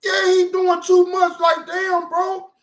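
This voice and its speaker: A woman hosting a reaction video, talking in loud, cursing, indignant outbursts. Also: very high voice, flat delivery, slow pace. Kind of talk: casual reaction commentary.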